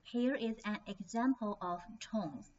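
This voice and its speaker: Woman teacher, slow careful lesson delivery, lo-fi sound. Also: medium pitch, expressive, a little mellow. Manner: slow, careful, demonstrating tones. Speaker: Chinese language teacher. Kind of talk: online language lesson. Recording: slightly dull lo-fi recording.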